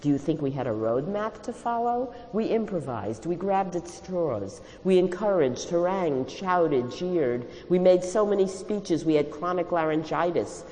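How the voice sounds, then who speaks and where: A woman voicing a fervent, tearful old male communist mentor who lectures and shouts in a storybook reading. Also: on the low side, lively intonation, a little slow, few pauses, big-room sound, voice pushed up, rough recording. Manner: shouting, preachy, sweeping speech.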